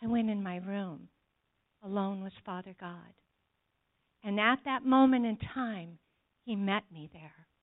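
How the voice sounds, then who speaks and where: Slow earnest woman preaching, tinny sound. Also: mid-range voice. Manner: earnest, addresses the congregation directly. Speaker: church speaker giving testimony. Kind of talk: sermon testimony.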